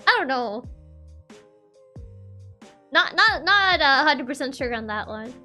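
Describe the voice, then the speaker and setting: A woman's voice: sits high, animated, slow pace, bright, forceful tone, faint music behind. A woman chatting casually with her viewers on a livestream, giggling often between remarks. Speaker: virtual streamer.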